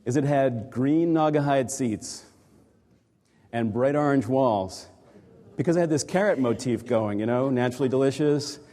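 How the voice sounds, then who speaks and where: Man, executive coach, reflective storyteller, conversational, mid-pitched voice, long hall echo. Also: moderate pace, warm tone. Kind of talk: storytelling talk to a live audience. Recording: reverberant hall.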